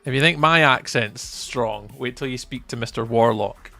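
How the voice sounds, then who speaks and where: A man hosting a live game stream, reading chat messages aloud and bantering with viewers in an animated way. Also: mid-range voice, normal speed, faint music behind. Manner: animated, bursts of loud emphasis. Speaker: livestream host.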